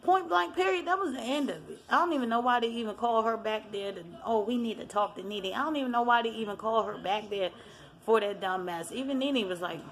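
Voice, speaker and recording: A woman gossips her way through a reality TV recap in loose, slangy casual talk. She gets animated and acts out the cast's lines as she goes. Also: medium pitch, brisk. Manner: chatty, animated retelling with quoted voices; lively, slangy storytelling. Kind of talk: casual chat.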